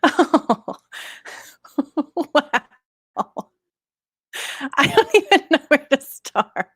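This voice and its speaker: A woman's voice: sits high, sing-song, very slow, a bit bright, dry recording. A woman hosting a live comedy show over a video call, giggly and effusive as she introduces comics.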